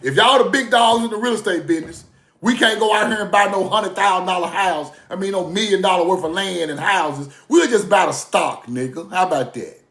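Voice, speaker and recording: A man's voice: high-pitched, a little fast, a bit bright, reverberant. A man giving a loose, preachy monologue. He swings between muttered asides and raised bursts and laughs often as he talks. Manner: laughs often while talking. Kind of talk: casual monologue.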